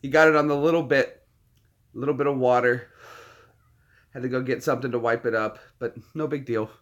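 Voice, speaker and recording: A man hosting a casual live chat, often cooing soft baby talk to his dogs. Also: medium pitch, fairly even intonation, a little fast, highs cut off. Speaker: channel host.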